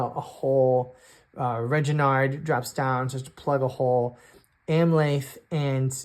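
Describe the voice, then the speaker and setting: Slow, hesitant man running a solo tabletop game. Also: medium pitch. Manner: hesitant, full of fillers and restarts, thinking aloud. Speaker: game master and sole player.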